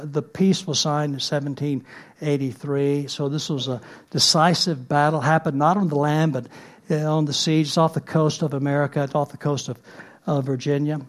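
A man's voice: fairly high pitch, steady tone, normal speed. A man giving a sermon in a conversational way, with many fillers and restarts. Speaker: preacher.

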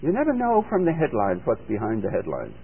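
Gravelly and husky, a man's mid-range voice swoops wildly in pitch as he preaches briskly over the radio. He reads scripture and then explains it plainly, building emphasis. The sound is that of an old, phone-like broadcast with long reverb.

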